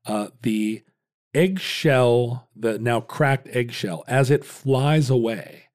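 A man in his fifties co-hosting a casual podcast, explaining at length in halting restarts with wry asides. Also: mid-range voice, a little mellow. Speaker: podcast co-host.

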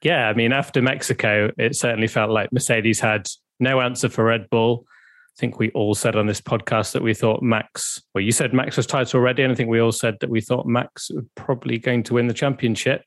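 A man co-hosting a casual podcast, relaxed and thoughtful in his opinions. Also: mid-range voice, fairly quick, no echo. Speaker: podcast co-host.

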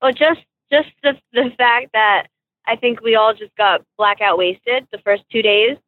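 A woman calling in by phone from a car, chatting in a brash, loud, bubbly way. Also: a little high, a little slow. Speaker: guest. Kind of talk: casual chat. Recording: tinny phone line.

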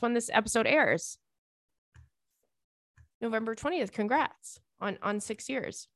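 A woman in her thirties hosting a podcast, chatting casually and reading a listener letter aloud in a lively, excitable way with casual swearing. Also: fairly high pitch, measured pace, long pauses, no echo, studio quality. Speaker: podcast host.

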